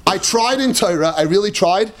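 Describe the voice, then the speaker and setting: Speaking at a normal speed with a high-pitched voice, a man teaches Torah through a Talmud class. His English is sprinkled with Hebrew and Aramaic terms, and he laughs at his own points with animated, emphatic energy.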